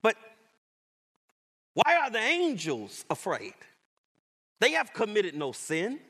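Male pastor, high bright voice, measured sermon delivery with emphatic repetition. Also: wildly swooping pitch, slightly rough. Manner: emphatic preaching with repetition and rising declarations.

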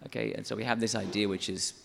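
A man's voice: fairly low pitch, steady tone, fast talker, creaky, big-room sound, a little hiss or hum. A man who writes songs for church, explaining his method step by step in an interview. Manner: methodical, explanatory, counts syllables aloud. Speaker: church songwriter.

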